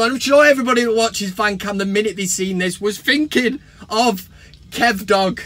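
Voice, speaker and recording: An English man hosting a football fan vlog, talking to camera in an animated, sarcastic rant and swearing freely. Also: high voice, normal speed, no echo.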